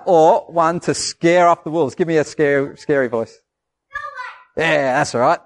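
Lively male pastor. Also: fairly high pitch, a little slow. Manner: lively, asks the children questions and acts out voices. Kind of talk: children's sermon.

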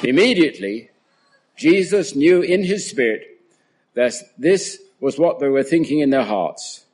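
Breathy guy reading the bible in church, slow, voice goes up n down a lot. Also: mid-range voice, animated, darkish tone. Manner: careful, unhurried storytelling. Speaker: Bible reader. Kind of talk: reading scripture aloud.

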